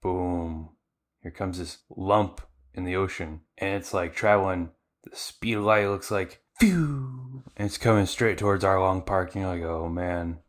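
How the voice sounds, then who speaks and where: A man's voice: deep voice, normal speed. A male podcast host giving a casual, chatty anime episode recap with lots of fillers. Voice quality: conversational, filler-heavy, animated retelling.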